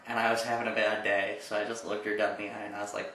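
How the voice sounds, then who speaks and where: A young man co-hosting a casual chat, telling stories in a relaxed, dry, profane way. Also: fairly low pitch, a little slow, long pauses. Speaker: co-host. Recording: echoey room, distant mic, faint noise.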